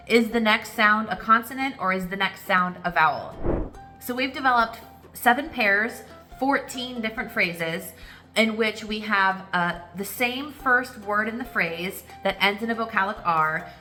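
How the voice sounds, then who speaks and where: A woman's voice: medium pitch, sharp tone. A woman who teaches speech-language pathology, explaining methodically with examples. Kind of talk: explanatory product walkthrough.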